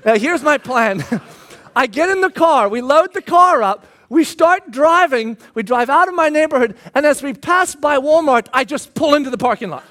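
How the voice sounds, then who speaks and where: With a very high voice at normal speed, a pastor in his thirties shares a personal story mocking himself in a sermon. He is animated and bursts into shouts when re-enacting himself.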